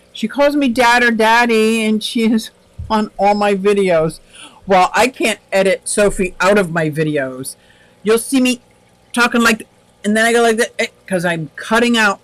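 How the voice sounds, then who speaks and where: A man's voice: sits high, measured pace, a bit bright, no echo, low-quality recording. A man hosting a casual livestream, chatting in a rambling, upbeat way and answering viewer comments aloud. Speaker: livestream host.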